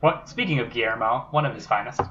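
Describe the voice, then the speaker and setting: A man co-hosting a casual podcast, trading dry, quick quips. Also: medium pitch, lively intonation, pushed and bright, highs cut off, slight background noise. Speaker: podcast co-host.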